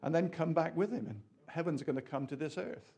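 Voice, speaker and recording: A man preaching a sermon in an animated, rambling way, full of asides and questions to the audience. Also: fairly high pitch, fairly quick, gravelly, husky.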